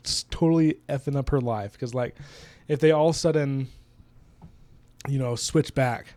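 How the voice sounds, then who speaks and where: A man's voice: medium pitch, normal speed, warm tone, no echo. Man retelling a story in casual chat. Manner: retells the plot at length, acting out characters' lines. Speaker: book podcast co-host.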